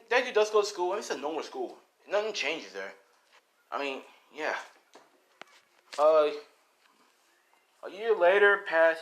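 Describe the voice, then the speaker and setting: A man improvises a fan story in a loose, rambling way, stacking up fillers as he goes. His pitch swings up and down in a lively way while he talks. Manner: rambling, full of "you know" and "like".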